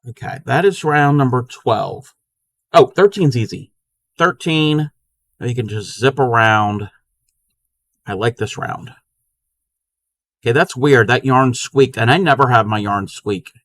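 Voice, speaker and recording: Brief: male crochet streamer, chatty and bright-voiced, dry mic. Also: mid-range voice, expressive, unhurried, long pauses, no room sound. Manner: chatty, counts stitches under his breath. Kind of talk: casual live-stream chat while crocheting.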